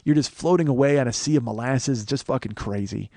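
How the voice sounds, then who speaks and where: A man from Chicago hosts a podcast and spins a comic story, cursing freely and firing up as he goes. His voice sits at an ordinary middle pitch. The sound is close and dry, with no room echo at all. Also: fast talker, vocal fry. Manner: profane, animated storytelling with laughs. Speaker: podcast host. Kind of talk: comedic storytelling monologue.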